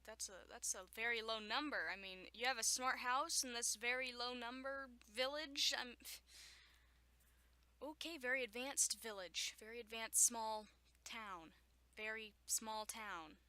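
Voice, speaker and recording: At home, a young woman reads a children's story aloud in a somewhat high, pushed, bright voice at a slightly slow pace. She keeps pausing to joke, laugh, and toss in sarcastic remarks, stumbling often as she adds running commentary.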